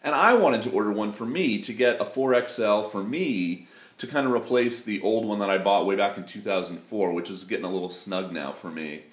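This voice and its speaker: Rambling man, low voice. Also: a little fast. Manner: rambling, loose, full of "you know" fillers and self-deprecating asides. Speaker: English teacher living in Japan. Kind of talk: casual chat to camera. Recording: roomy echo.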